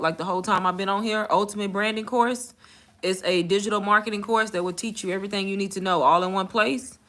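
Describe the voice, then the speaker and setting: A woman's voice: medium pitch, pushed and bright. A young woman talking candidly in a casual storytime vlog, blunt and slangy, laughing often as she talks. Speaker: content creator and bank call center agent.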